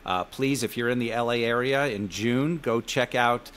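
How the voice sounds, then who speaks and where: A man's voice: mid-range voice, normal speed, fairly bright tone. Upbeat man co-host signing off. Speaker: podcast co-host. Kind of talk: upbeat show sign-off.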